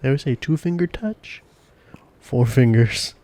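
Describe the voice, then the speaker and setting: A man co-hosting a casual chat podcast, blunt and deadpan, swearing often. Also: mid-range voice, a little slow. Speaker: podcast co-host.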